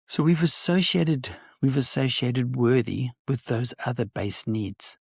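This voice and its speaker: Business-owner guest, male, gravelly and a bit husky, animated storyteller, dry close sound. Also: mid-range voice, unhurried, few pauses, dry recording. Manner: animated storyteller, acts out quoted dialogue. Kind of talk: conversational interview.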